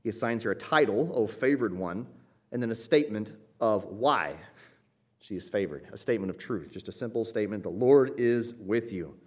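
A man preaching an expository sermon, building to emphatic peaks and then dropping low and quiet. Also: animated, a little fast. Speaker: pastor.

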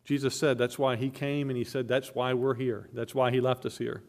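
A man's voice: medium pitch, level tone, normal speed, darkish tone. A man preaching a sermon from the pulpit, emphatic and earnest, often restarting his phrases. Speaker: pastor.

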